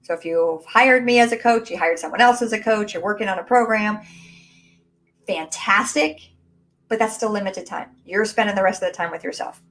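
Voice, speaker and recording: A woman giving an emphatic live coaching talk with a middle-range voice, speaking straight to her viewers. She urges them on and repeats her points for weight. Her voice is picked up by a modest, low-quality mic. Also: normal speed, fairly bright tone. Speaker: mindset and business coach. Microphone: low-quality built-in mic.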